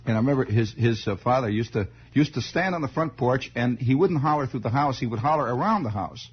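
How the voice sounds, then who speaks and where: A man's voice: medium pitch, expressive, brisk, slight background noise. A man hosting a radio show who tells a rambling, digressive childhood story and chuckles as he goes. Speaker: radio host. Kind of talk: improvised radio storytelling monologue. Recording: dull lo-fi 1960s radio broadcast.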